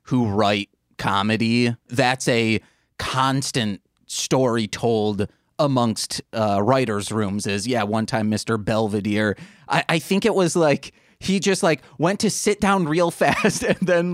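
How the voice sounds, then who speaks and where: A man in a mid-pitched voice co-hosts a podcast in a casual, joking way. He tells funny stories as he goes. The recording is close and dry, with no room sound. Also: slow pace, no echo. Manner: joking, animated storyteller. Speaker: podcast co-host. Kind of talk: casual chat.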